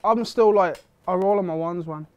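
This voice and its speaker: High-voiced Birmingham man, laid-back guest. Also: moderate pace, a little mellow. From Birmingham, England. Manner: laid-back, short replies full of slang. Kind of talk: casual chat.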